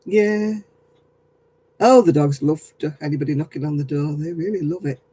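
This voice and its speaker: Husky, mellow British woman chatting. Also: sits low, moderate pace, poor audio. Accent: British English. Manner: wry and chuckling, storytelling about prank callers. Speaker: craft vlogger. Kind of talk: casual chat.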